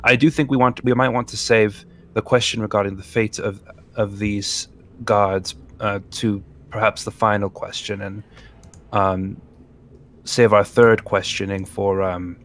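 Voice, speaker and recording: A man at a tabletop game talks in character with courteous, formal wording. He often pauses on fillers, and his voice sits a little low. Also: steady tone, fairly bright tone. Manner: polite, formal phrasing with hesitant fillers. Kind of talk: in-character role-play chat.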